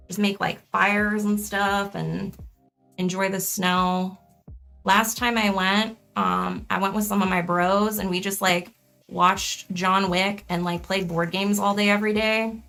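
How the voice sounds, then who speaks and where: Chatty young woman with a gravelly voice. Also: mid-range voice, a bit bright. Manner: rambling, self-correcting, laughs often. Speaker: streamer crafting on stream. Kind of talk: casual chat while crafting.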